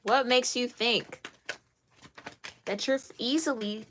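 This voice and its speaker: A woman's voice: fairly high pitch, slow, a bit bright, slight background noise. A woman giving a spoken tarot reading to her viewers. She is earnest and emphatic, scolds playfully, repeats phrases to reassure and laughs often. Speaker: tarot reader.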